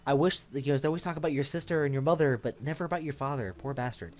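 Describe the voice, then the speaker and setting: A man's voice: mid-range voice, very fast. Crude, rambling young man gaming. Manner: rambling, crude, joking, mimics game lines. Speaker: let's play gamer. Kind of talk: casual gameplay commentary. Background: game audio and music.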